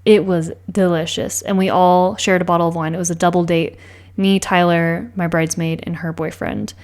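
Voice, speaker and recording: A woman's voice: lowish voice, level tone, normal speed. A young woman telling a chatty, gushing vlog story with many fillers. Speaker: planner vlogger. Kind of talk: casual vlog voice-over.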